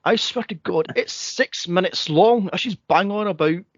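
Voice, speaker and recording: A Scottish man, a podcast co-host, telling a spooky story in casual chat, animated and swearing freely. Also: high voice, unhurried, no room sound, dull audio. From Scotland.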